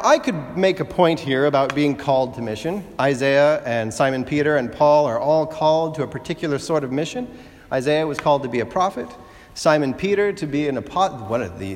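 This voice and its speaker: A man delivering a sermon in a relaxed, conversational way, with gentle humor and rhetorical questions to his listeners. His pitch sits fairly high for a man and moves a great deal. The sound carries the long reverb of a church hall. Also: a little hiss or hum. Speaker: preacher.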